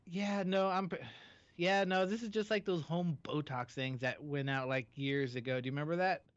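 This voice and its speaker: A man's voice: on the high side, steady tone, moderate pace, clear, resonant tone, no room sound, lo-fi sound. A man co-hosting a radio show, chatting casually and hesitantly, often trailing off with fillers. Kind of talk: casual chat.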